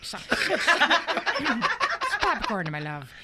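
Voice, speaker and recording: A woman's voice: a little high, wildly swooping pitch, extremely slow, heavily acted. A woman acting a doting wife whose put-on accent wanders, giggling through a comedy radio skit. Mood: giggly. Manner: giggles through her lines. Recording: hissy old radio broadcast recording.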